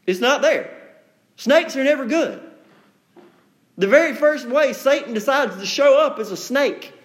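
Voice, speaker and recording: High-voiced man preaching folksy sermon. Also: expressive, measured pace. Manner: conversational and folksy, acting out quotes with sarcasm. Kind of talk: evening sermon to a congregation. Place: church room with a congregation.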